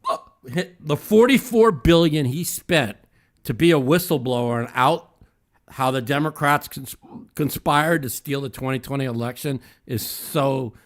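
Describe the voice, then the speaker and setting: A man hosting a podcast, chatting casually about politics, halting with many fillers while he has the hiccups. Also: mid-range voice. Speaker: podcast host.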